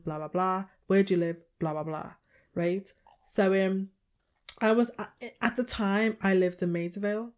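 A woman's voice: mid-range voice, normal speed. A young woman with a Liverpool accent, co-hosting a casual chat podcast and telling stories while acting out what others said. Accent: Liverpool English. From England. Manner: animated storytelling, acts out others' lines. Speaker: podcast co-host.

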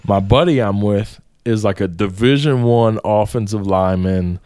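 A man casually telling a rowdy story with a lot of swearing and animated delivery. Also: lowish voice, moderate pace, no echo, studio quality.

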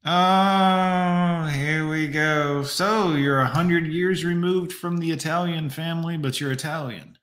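A man with a somewhat high voice riffs sarcastically for his stream audience. The sound is roomy and echoey, and he mocks what he watches in a loose, joking way. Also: fairly even intonation, slow, a bit bright. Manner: mocking, sarcastic, addresses chat. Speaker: streamer reacting to a dating video. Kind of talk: sarcastic live-stream commentary.

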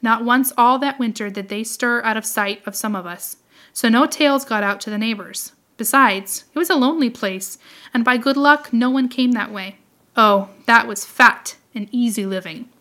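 A woman narrating a storybook tale in a measured, expressive reading voice. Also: fairly high pitch. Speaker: audiobook reader.

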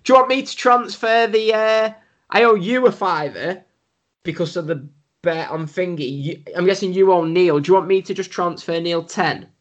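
A man's voice: high-pitched, steady tone, moderate pace, highs cut off. A man hosting a wrestling podcast, chatting casually with jokes at his own expense and plenty of swearing. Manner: joking, self-mocking, swears freely.

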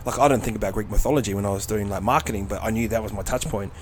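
A man's voice: on the low side, rapid-fire, slight background noise. A man from New chatting on a podcast, swearing casually and acting out stories. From New Zealand. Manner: swearing, animated retelling of stories. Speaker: podcast guest. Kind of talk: casual chat.

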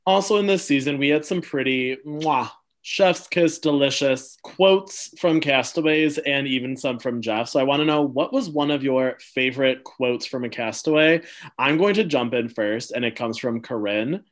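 A man hosting a casual podcast chat, playful and gushing, quick to laugh. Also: medium pitch. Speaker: podcast host.

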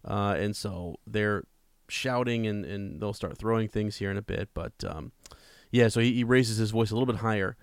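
Low smooth-voiced man reading and chatting. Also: steady tone, normal speed, no room sound, studio quality. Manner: conversational, repeats words, reads quotes plainly. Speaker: podcast co-host. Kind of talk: casual book discussion, reading passages aloud.

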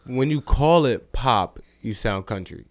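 A man's voice: medium pitch, expressive, a little slow, dry recording, studio quality. A young man from New Jersey co-hosting a podcast, talking loose and profane, with lots of "like" and restarts. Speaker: podcast co-host. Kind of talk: casual podcast chat.

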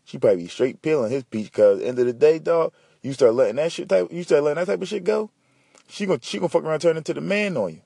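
A man hosting a podcast, ranting and telling stories in a slangy, profane, animated way. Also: on the high side, fast talker, gravelly, slightly rough, no room sound, clean studio sound. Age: adult. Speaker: podcast host. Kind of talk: casual solo podcast rant.

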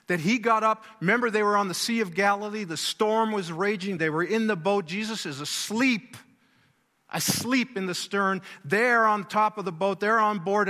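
A man with a high, bright and forceful voice delivers a sermon. He presses his points by repeating key words and asking rhetorical questions, and long reverb from a large hall trails each phrase. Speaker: preacher.

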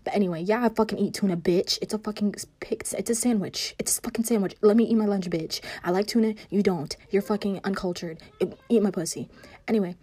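A woman's voice: medium pitch, fast, mellow, slightly rough, dry recording. Sassy profane woman ranting. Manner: profane, rambling, with sudden whispered asides; sassy, scolding an absent target. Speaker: vlogger. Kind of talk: casual rant.

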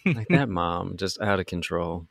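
A man hosting a podcast, recapping a movie in casual chat with animated sarcasm and free swearing. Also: sits low, a little slow, vocal fry, no echo, studio quality. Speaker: podcast host.

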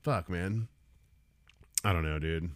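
A man's voice: deep voice, takes it slowly, no echo, studio quality. A man in his thirties hosting a solo comedy podcast, ranting casually with lots of swearing and laughter. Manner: profane, rambling, laughs often.

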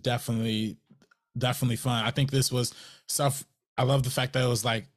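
A man's voice: medium pitch, little pitch movement, fairly quick. A young man co-hosting a movie podcast, talking loosely with many fillers and restarts. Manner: loose, filler-heavy, lots of "like" and "um". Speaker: podcast co-host. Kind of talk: casual movie podcast chat.

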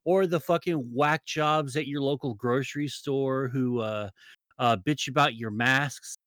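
A man, a regular guest on a podcast, talking in crude, rambling, animated casual banter. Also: medium pitch, measured pace, dry recording, clean studio sound.

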